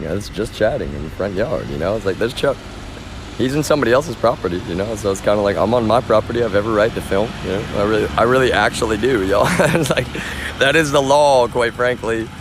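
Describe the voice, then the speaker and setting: A man's voice: fairly low pitch, lively intonation, quick pace, background noise. A man live streaming outdoors from a front yard, talking to his viewers in an agitated, rambling way full of swearing. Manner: agitated, rambling, profane, addresses viewers as y'all.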